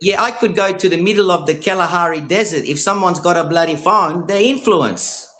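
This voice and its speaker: A man's voice: sits high, fairly quick, a bit bright, poor audio. Chatty man calling in from Australia. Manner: chatty, rambling, repeats words. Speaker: caller. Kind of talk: casual chat.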